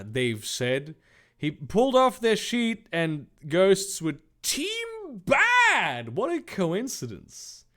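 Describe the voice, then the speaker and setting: A man's voice: sits high, wildly swooping pitch, slow pace, pushed and bright. Sarcastic man mocking a fanfic. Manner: sarcastic, incredulous, swearing, mocking asides. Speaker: host reading fanfiction aloud. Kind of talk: comedic reading with commentary.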